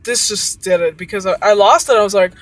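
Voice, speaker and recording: A woman's voice: mid-range voice, fairly quick, rough recording. A woman who works as a cook, frustratedly venting about her job and swearing often.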